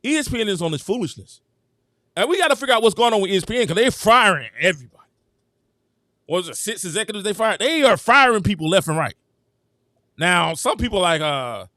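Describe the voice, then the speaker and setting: Animated man hosting a sports live stream. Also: high-pitched, dry recording, studio quality. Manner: animated, emphatic, thanks viewers, talks straight to chat. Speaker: host.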